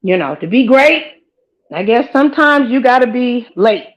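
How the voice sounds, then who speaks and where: Animated, higher-voiced woman preaching to viewers. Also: normal speed, rough recording. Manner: animated, preachy, talks straight to viewers with "girl" and "child". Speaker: host of her own live-commentary channel. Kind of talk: casual rambling commentary to viewers.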